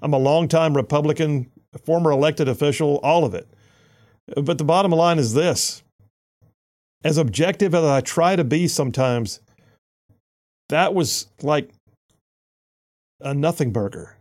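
A man hosting a conservative talk radio show, delivering an animated, sarcastic opinion monologue with lots of repetition. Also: a little high, measured pace, pauses often.

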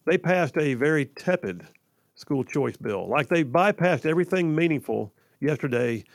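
A man hosting a talk radio show in a studio, in an energetic, folksy, chatty way. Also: mid-range voice, vocal fry, dry recording.

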